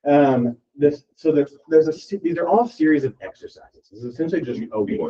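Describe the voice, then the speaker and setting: A man's voice: on the high side, animated, fairly quick, mellow. A man leading a real estate team meeting, talking casually and rambling with lots of "like" as he encourages his team. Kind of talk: motivational talk at a team meeting. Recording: distant, dull lo-fi room recording.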